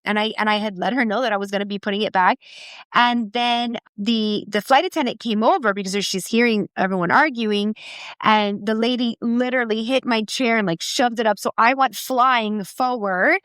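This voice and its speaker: A middle-aged woman co-hosting a podcast, telling a story in casual chat with many restarts and halting repeats. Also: fairly high pitch, fairly bright tone, no room sound. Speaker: podcast co-host.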